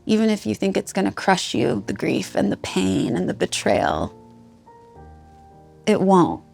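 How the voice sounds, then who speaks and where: A woman's voice: mid-range voice, sing-song, a little slow, creaky, a little mellow, faint music behind. A woman in her thirties, a musician, candidly telling a raw personal story, heartfelt and swearing freely. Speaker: guest musician.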